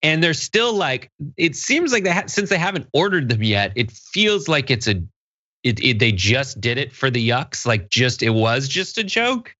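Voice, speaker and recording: A man's voice: mid-range voice, big pitch swings, normal speed, pushed and bright, dry recording, muffled recording. A man co-hosting a political commentary show, rambling and joking as he talks. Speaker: co-host.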